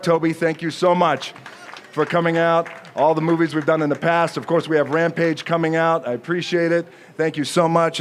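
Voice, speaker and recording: A man in his forties speaks off the cuff at an outdoor honor ceremony, with a voice pitched slightly higher than most men's. He jokes easily and stumbles through plenty of fillers and restarts. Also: fairly bright tone. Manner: jokey, halting, speaks from the heart with many fillers. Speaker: honoree giving an acceptance speech. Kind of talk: unscripted ceremony speech. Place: outdoor ceremony before a crowd.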